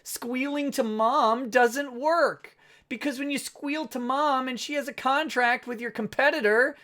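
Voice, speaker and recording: A man's voice: very high voice, measured pace, pushed and bright. A man hosting a casual livestream, sarcastic and self-mocking, often breaking into laughter. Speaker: livestream host.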